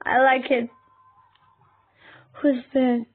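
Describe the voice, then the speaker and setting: High, gushing woman reacting, lo-fi. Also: little pitch movement, very slow, shouting. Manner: gushing, bursts into squeals and whoops. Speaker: reaction video host. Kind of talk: excited reaction commentary.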